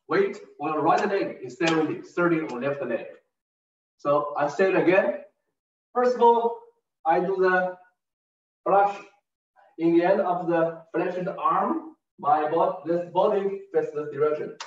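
Slow-counting tai chi teacher, man. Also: fairly high pitch. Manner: counts beats aloud, short broken phrases. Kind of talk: step-by-step movement instruction. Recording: distant roomy lo-fi recording.

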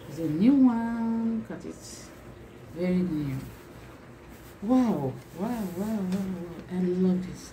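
Gushing woman, slow and repetitive. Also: on the low side, background noise. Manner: gushing, repeats exclamations over and over; laughs often between lines. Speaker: vlogger. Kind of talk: excited unboxing vlog.

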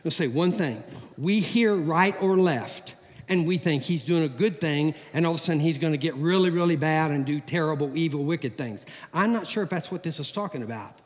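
A man's voice: a little high, fairly quick. Folksy preaching man in a reverberant church. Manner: folksy, animated preaching with everyday stories. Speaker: pastor. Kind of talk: sermon. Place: church sanctuary. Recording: long hall reverb.

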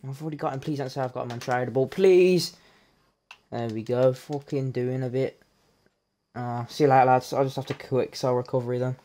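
A man, reacting live as he opens card packs in a game, swearing often and breaking into loud cheers. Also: medium pitch, a little fast. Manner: excitable, heavy swearing, bursts into loud cheers. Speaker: gamer opening card packs.

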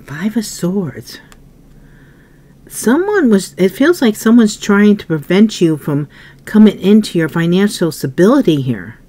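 A woman giving a casual tarot reading, musing aloud as she turns cards, often coughing and clearing her throat. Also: on the low side, mellow. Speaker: tarot reader.

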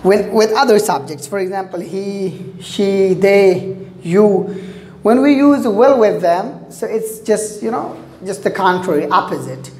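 A woman's voice: medium pitch, expressive, a little slow, a little mellow, roomy sound. A woman teaching an English grammar lesson, explaining patiently with lots of examples and repetition.

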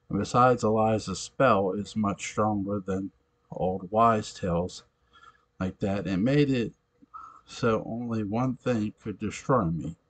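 Smug male vampire husband, low and slow, storybook reading; a man puts him on. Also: slightly rough. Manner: calm, smug reassurance.

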